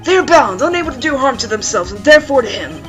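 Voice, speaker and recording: A woman's voice: high voice, very animated, quick pace, loud music behind the voice. A woman voicing an older male lawyer with a put-on Southern US accent, fatherly, fussy and old-fashioned in speech. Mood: troubled.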